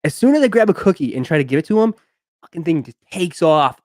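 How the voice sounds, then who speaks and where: A man's voice: on the high side, lively intonation, quick pace, a little mellow, no room sound, studio quality. A young man hosting a live stream, chatting casually and telling a long rambling story with lots of fillers. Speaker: sneaker live stream host.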